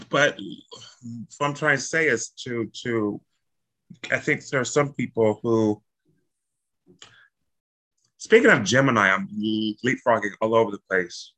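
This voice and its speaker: A man hosting a casual spiritual chat, animated and jokey, blunt and swearing freely. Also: mid-range voice, poor audio.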